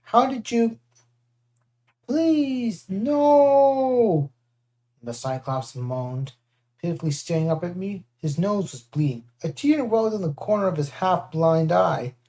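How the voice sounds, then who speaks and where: An audiobook narrator reading a first-person adventure aloud in a lively way, switching into voices for the characters. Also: medium pitch, moderate pace.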